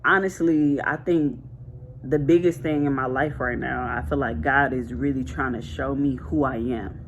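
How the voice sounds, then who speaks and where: A woman's voice: very deep voice, steady tone, normal speed, highs cut off, slight background noise. A woman talking casually to camera, sharing a spiritual message in a chatty, colloquial and emphatic way. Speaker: vlogger sharing a prophetic word.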